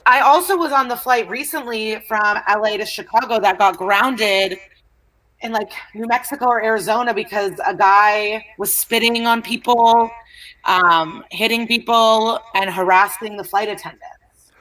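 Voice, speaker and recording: A woman comedian, a guest on a podcast, telling blunt deadpan anecdotes in casual chat. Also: a little high, measured pace, poor audio.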